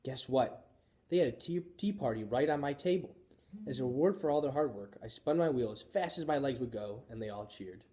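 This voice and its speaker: A male teacher reads a children's chapter book aloud, telling the story expressively. His voice is mellow and warm, with a pitch that moves in a lively way. It sounds like a read-aloud for young listeners. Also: fairly quick.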